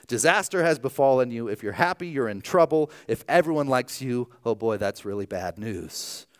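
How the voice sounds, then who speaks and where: A male preacher from Ohio giving a sermon. His voice swings between quiet, almost whispered lines and loud, energetic emphasis. The delivery stays lively and conversational. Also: a little high. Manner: animated, dropping to hushed tones. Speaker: pastor.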